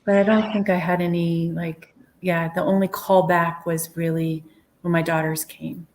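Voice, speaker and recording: Earnest woman recounting with hushed asides. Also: lowish voice, level tone, normal speed. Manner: earnest, reflective, with soft whispered asides. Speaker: guest medium sharing a near-death experience. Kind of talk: storytelling in an interview.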